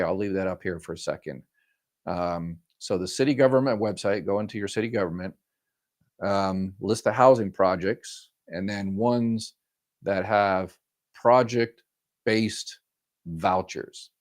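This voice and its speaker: A man's voice: low-pitched, unhurried. A man hosting a live stream, reading viewer comments aloud and answering them informally with many fillers and a friendly "y'all". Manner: friendly, says "y'all" often. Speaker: host answering viewer questions. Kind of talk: live-stream Q&A, casual chat.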